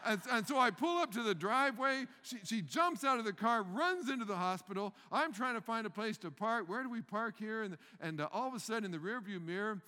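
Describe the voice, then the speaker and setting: An older man telling a funny personal story, acting out the panic in a loud voice, with frequent stammers and repeated words. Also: high-pitched, a little fast, hardly any pauses, big-room sound. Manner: animated, acts out the panicked scenes loudly, stammers and repeats words. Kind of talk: humorous storytelling talk.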